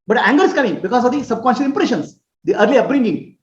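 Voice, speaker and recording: A woman with a fairly high voice gives an earnest spiritual talk, explaining step by step and checking that her listeners understand. The recording is roomy and a little dull, as if captured in an echoing space with modest equipment. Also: animated, fast. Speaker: spiritual teacher. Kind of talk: spoken teaching on self-acceptance.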